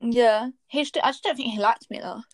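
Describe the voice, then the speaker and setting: A woman's voice: on the high side, brisk, dry recording. A young woman, candidly telling a personal story in casual chat, blunt and swearing freely.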